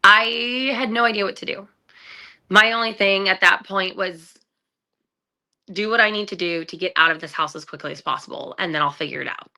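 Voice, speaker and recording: A woman's voice: medium pitch, normal speed, vocal fry, pushed and bright. A woman guest telling her own story in a conversation, candid, with many fillers and acted-out quotes of what people said. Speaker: guest, trafficking survivor.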